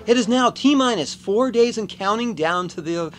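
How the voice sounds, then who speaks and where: High-voiced chatty middle-aged Canadian man. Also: animated, moderate pace, fairly bright tone, slight background noise. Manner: chatty, jokey, laughs often. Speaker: video blogger. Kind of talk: casual storytelling vlog.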